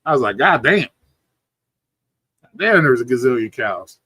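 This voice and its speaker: A man's voice: medium pitch, animated, brisk, fairly bright tone, dry recording. Sleepy, rambling man talking casually at home. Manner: rambling, profane, laid-back storytelling. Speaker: livestream host. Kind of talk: casual chat.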